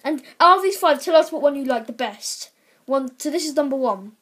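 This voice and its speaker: Excitable high-voiced young girl vlogging. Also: brisk. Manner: excitable, chatty, exclaiming over results. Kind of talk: casual pack-opening commentary.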